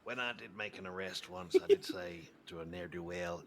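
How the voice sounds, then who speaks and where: A man's voice: sits low, very animated, normal speed, gravelly, a crowd in the background. A man playing a senior deputy in an online roleplay, joking and self-mocking with the others. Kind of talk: in-character roleplay chat.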